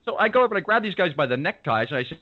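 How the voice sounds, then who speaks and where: A man's voice: sits high, rapid-fire. A man hosting a radio show, telling a story casually and acting out the people in it. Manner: animated, acts out the people in his story. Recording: dull lo-fi sound.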